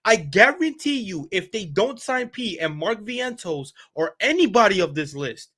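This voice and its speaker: A man co-hosting a sports talk show who gets loud, swears and repeats himself as he argues his point. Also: high-pitched, sing-song, normal speed. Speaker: podcast co-host.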